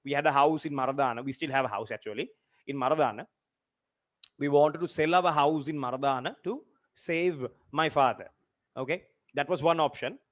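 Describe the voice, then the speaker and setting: A young man in his twenties, a teacher telling a personal story in a lesson, earnest and halting with many fillers and repeated phrases. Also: a little high, a bit bright. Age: 20s. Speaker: literature teacher.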